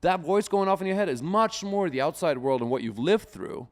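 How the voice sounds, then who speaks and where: Speaking a little fast in a high voice, this man co-hosts a podcast. He keeps things casual and profane, with an animated delivery that often slips into impressions of other people's voices.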